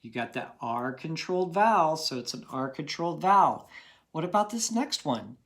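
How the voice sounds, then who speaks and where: A man's voice: a little high, sing-song, normal speed, fairly bright tone. A man teaching a phonics lesson to children, patient and encouraging, checking in often with "okay?".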